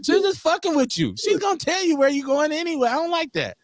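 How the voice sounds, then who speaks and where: A middle-aged man hosting a casual radio talk show, profane and animated, acting out voices in his stories. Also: very high voice, fast, dry recording, studio quality. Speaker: host.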